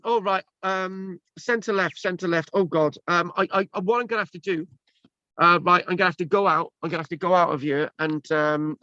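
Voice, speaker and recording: A man's voice: high-pitched, sharp tone, dry recording. A man hosting a casual video call chat, talking in a rambling way with many restarts and fillers. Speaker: presenter. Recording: dull lo-fi video call audio.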